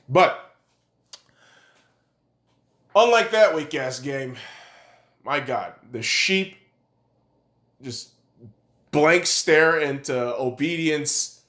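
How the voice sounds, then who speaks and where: A man's voice: a little high, lively intonation, drawn-out words, pauses often, a bit bright. A man hosting a podcast, ranting in a heated, sarcastic, swear-filled monologue. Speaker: podcast host. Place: room in Nevada. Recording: echoey room.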